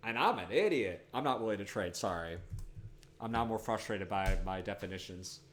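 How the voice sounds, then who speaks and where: A man streaming and commenting on an old computer game, rambling and swearing, often bursting into loud excited outbursts. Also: fairly low pitch, moderate pace. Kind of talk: live-streamed gameplay commentary.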